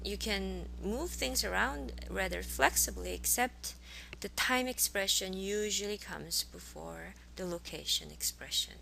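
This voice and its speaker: Woman prof walking through grammar patiently, kinda crackly fry in her voice, bit of hum. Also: medium pitch, pushed and bright. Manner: explains patiently, models sentences, restarts words. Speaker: Korean language teacher. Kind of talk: recorded classroom lecture. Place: college course recording.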